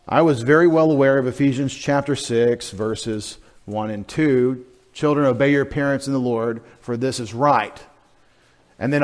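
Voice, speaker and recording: A middle-aged man, preaching a sermon in a conversational, self-deprecating way, dropping into quiet asides. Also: medium pitch. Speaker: pastor.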